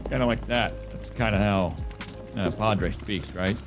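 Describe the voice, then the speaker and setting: A man's voice: on the low side, slow pace, over loud music. A man in a role-play game, telling a rambling story casually with many fillers and restarts.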